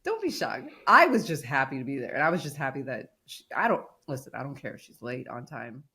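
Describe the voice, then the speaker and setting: Speaking quickly in an extremely low, breathy voice, a woman co-hosting a podcast tells a lively story in casual talk, voicing the quotes as she goes.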